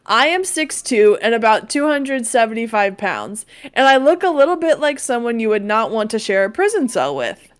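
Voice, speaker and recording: A woman's voice: a little high, sing-song, normal speed, clear, resonant tone. A woman co-hosting a podcast, reading a listener's story aloud in casual chat with dry side remarks. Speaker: podcast co-host.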